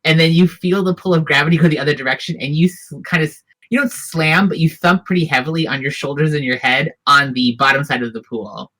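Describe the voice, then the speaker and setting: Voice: medium pitch, fast talker, hardly any pauses, fairly bright tone. A game master narrating a tabletop role-playing scene in detail, with frequent fillers and restarts. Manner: descriptive, hesitant with fillers.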